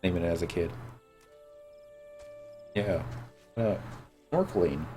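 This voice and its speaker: Low-voiced man streaming a game, sick. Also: takes it slowly, over music. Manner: chatty, joking, reads and answers chat. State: sick with a head cold. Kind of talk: casual gameplay chat.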